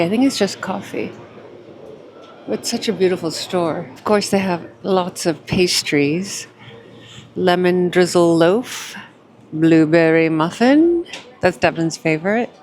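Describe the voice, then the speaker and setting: A woman's voice: lowish voice, a little mellow, slight background noise. Chatty woman vlogging on the go. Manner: chatty, effusive, calls viewers darling. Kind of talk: casual vlog narration to camera. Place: walking around city streets and shops.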